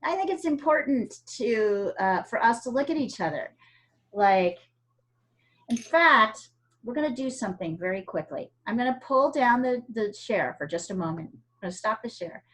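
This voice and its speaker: A woman's voice: a little high, animated, moderate pace, a bit bright. A woman from the United States teaching an art class over a video call, chatty and encouraging, with frequent fillers.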